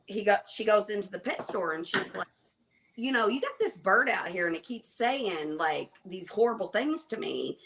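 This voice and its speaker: A woman's voice: mid-range voice, lively intonation, moderate pace, creaky, noisy background. A woman guest on a casual livestream, telling a joke in a rambling way. She stops to put herself down as she goes. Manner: rambling, self-deprecating.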